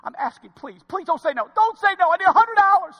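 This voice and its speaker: A preacher doing a desperate begging bank customer. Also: male voice, extremely high pitch, lively intonation, fast talker, in a large hall, muffled recording, pitched above the performer's own voice. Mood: pleading. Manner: pleading, rising to loud cries.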